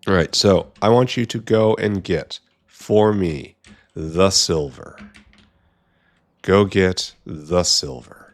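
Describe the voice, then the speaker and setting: Man, deep voice, slow-paced, casual gameplay commentary, wry muttered asides, keyboard typing behind. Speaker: gameplay streamer.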